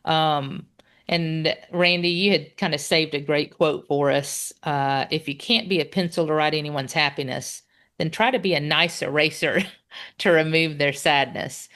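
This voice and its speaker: A woman's voice: deep voice, steady tone, unhurried, a bit bright. A middle-aged woman from Texas with a Texan accent, co-hosting a podcast in casual chat and telling stories cheerfully, laughing often. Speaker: podcast co-host.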